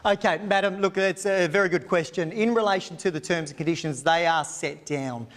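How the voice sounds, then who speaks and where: Male auctioneer, very high voice, confident formal patter, long hall reverb. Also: fairly quick, fairly bright tone. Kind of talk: auction terms and sales pitch.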